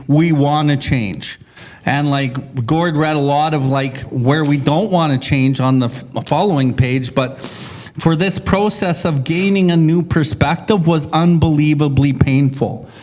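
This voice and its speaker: A man's voice: a little high, darkish tone. Casual, swearing man. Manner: swears freely, rambling storytelling. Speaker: podcast co-host. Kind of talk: casual recovery group discussion.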